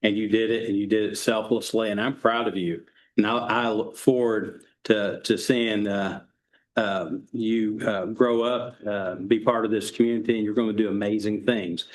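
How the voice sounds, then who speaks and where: Hesitant, low-voiced man at a council meeting. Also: fairly even intonation, moderate pace. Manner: hesitant, full of fillers. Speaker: council member.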